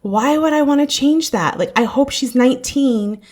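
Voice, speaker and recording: A woman's voice: sits high, moderate pace. A woman in her thirties hosting a podcast, telling stories in a casual chat and laughing often. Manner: warm storytelling, laughs often. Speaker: podcast host.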